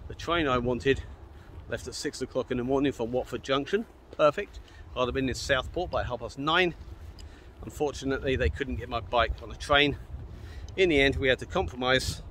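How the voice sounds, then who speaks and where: A man's voice: medium pitch, a bit bright, a little hiss or hum. A man telling a cycling trip story in a casual, rambling way, with many repeats and "I said" asides. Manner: rambling, repeats himself, lots of "I said" and stammered restarts. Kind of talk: casual spoken anecdote.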